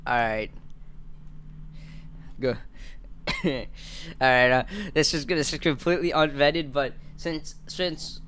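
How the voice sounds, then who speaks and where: A man's voice: fairly high pitch, slow pace, long pauses, a bit bright, a little hiss or hum. A man in his twenties hosting a live stream, rambling and stammering through casual jokes. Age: 20s. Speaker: livestream host.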